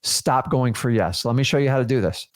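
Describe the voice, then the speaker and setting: A man in his forties coaching a live training, emphatic and energetic, acting out quick dialogues with sellers. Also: mid-range voice. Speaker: real estate wholesaling coach.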